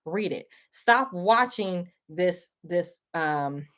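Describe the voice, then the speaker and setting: A woman hosting a livestream talks to her listeners, whom she calls y'all, in an earnest, preachy, casual monologue. Her voice is fairly low yet fairly bright with lively intonation, and she speaks extremely slowly, emotional and tearing up.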